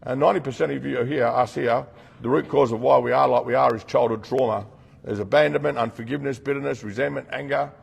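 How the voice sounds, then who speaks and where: Middle-aged Australian man, rehab program leader: blunt, earnest talk to a group, husky and gravelly. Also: medium pitch, fairly even intonation, fast talker. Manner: blunt, earnest storytelling with slang. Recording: long reverb from a hall.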